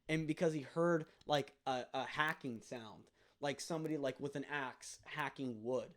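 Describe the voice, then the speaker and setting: A man's voice: medium pitch, moderate pace. A young man co-hosting a podcast, telling a long story in casual chat, full of ums and likes. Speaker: podcast co-host.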